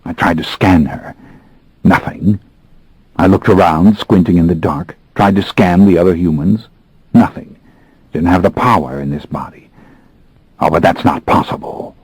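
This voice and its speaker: A man reads a first-person audiobook in a very deep, husky voice. His delivery is brooding and measured, slowing and quickening with the story. The recording is dry and close. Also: no room sound, rough recording. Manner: measured, brooding, expressive pacing. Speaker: audiobook narrator.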